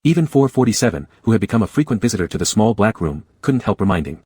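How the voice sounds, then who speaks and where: A man narrates a romance comic story in a steady, even read. His voice is low and husky. The recording is close and dry. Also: fast, few pauses, no echo.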